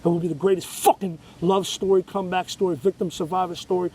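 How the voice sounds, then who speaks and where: A man's voice: high-pitched, level tone, fast talker, a little mellow, slight background noise, low-quality recording. Agitated, profane New man ranting. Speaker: show host. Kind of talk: ranting monologue.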